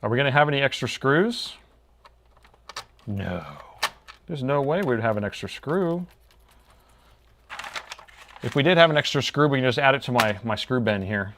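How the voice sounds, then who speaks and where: A man's voice: medium pitch, lively intonation, moderate pace, long pauses, a bit bright, slight background noise. A man chatting casually with his live-stream viewers while he repairs a laptop, talking to himself as he works.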